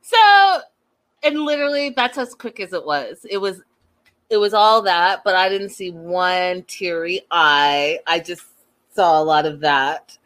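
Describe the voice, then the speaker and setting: A woman casually recapping a reality show in a sassy, chatty way, full of quick slangy asides. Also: on the low side, animated, fairly bright tone.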